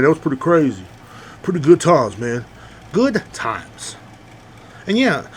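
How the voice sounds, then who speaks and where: A man's voice: medium pitch, slight background noise. A young man hosting a podcast, rambling casually and acting out the people he talks about. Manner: rambling, animated, acts out quoted people. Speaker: podcast host. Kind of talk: casual monologue.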